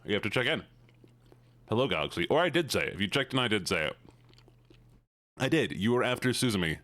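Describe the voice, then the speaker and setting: A man's voice: on the low side, sing-song, brisk, a bit bright, no echo. A man streaming live and chatting casually with his chat, playful, with mumbled hums between lines.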